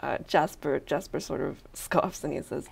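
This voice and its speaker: A woman's voice: low-pitched, normal speed, creaky, darkish tone, breathy edge. A woman narrating as dungeon master of a tabletop game, with frequent ums and uhs.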